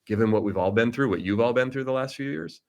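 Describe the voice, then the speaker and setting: A man's voice: mid-range voice, quick pace, gravelly, dull audio. A middle-aged man giving a reflective, earnest motivational talk over a video call. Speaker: keynote speaker. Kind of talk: motivational talk with personal story.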